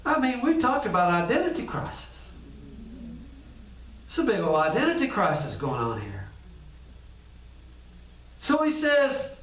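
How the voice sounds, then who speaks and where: Impassioned preacher, high voice, echoey. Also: male voice, animated, normal speed, a bit bright. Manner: impassioned, acts out scripture scenes. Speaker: pastor. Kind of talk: sermon. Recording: echoey room, distant mic.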